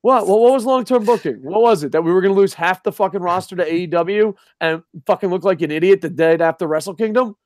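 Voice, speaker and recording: A man's voice: high voice, quick pace, hardly any pauses, a little mellow, no room sound, studio quality. A man co-hosting a casual wrestling talk show, ranting in a heated, profane way. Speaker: podcast co-host.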